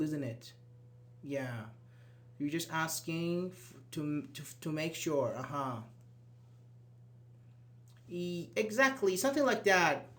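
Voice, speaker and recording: A man whose first language is Persian, teaching a live online grammar class and explaining step by step while checking in with students. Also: fairly high pitch. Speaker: English teacher.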